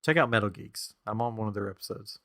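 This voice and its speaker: A man chatting casually as a podcast co-host, cracking self-deprecating jokes. His voice has a bright edge. He sounds relaxed and talkative. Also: on the low side, fast talker. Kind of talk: casual chat.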